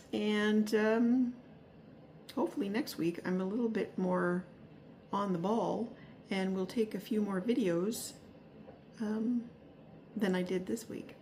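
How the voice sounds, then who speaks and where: A vlogger talks through her weekly garden update in a casual, rambling way, stumbling over fillers and restarts while a little out of breath. Her medium-pitched voice is a little mellow and a little slow, with a touch of hiss or hum. She's in the upstairs spare room of her home.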